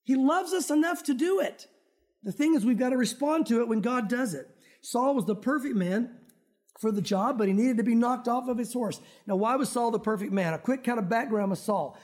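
A man with a strikingly high voice preaches a sermon to his congregation in a church. He talks in a conversational way and breaks in with joking asides to the crowd. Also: brisk, darkish tone. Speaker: pastor. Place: church sanctuary.

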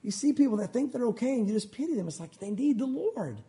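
A man's voice: very high-pitched, expressive, fast, dark tone. A pastor, preaching a sermon in an earnest, conversational way and talking straight to his congregation.

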